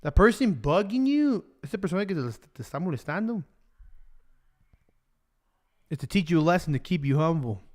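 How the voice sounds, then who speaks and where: Man, young, high-pitched, casual sermon, jokey and slangy. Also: sing-song, a little fast, long pauses. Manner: joking, slangy, laughs at own jokes. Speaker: preacher.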